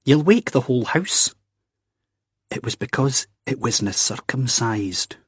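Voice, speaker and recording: A man voicing an anxious, earnest young Scottish man who talks in a halting, hesitant way, with a Scottish accent. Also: medium pitch, expressive, breathy edge, no room sound, studio quality, pitched above the performer's own voice. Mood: embarrassed, halting. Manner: hesitant, halting, drawn-out reasoning.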